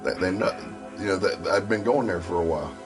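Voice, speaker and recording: A man's voice: low-pitched, fairly quick, music in the background. A man from Ohio telling rambling personal stories in a casual, profane way. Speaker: stream host. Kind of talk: casual storytelling.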